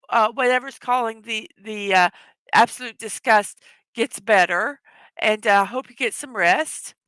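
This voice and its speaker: A woman's voice: medium pitch, a bit bright, no room sound. A woman hosting a casual livestream, chatting away, rambling with restarts and frequent laughs. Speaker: livestream host.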